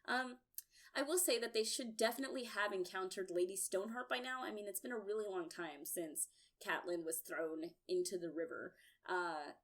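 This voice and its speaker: A young woman in casual chat, reviewing a TV episode, talking in a loose, filler-heavy way that turns profane when she gets worked up. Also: mid-range voice. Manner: chatty, full of "um" and "like", swears when worked up.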